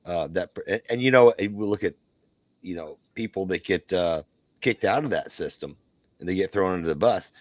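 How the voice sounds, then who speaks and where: A man's voice: low voice, normal speed, dry recording. A man co-hosting a casual podcast, talking earnestly and emphatically. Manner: earnest, emphatic, repeats himself for stress. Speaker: co-host. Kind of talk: casual chat, political venting.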